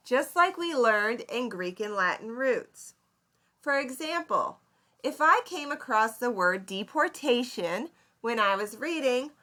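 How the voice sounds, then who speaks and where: Slow, bright-voiced woman teacher. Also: a little high. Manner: slow, clear teacherly explanation with questions to students. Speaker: seventh grade English teacher. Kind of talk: recorded lesson for students.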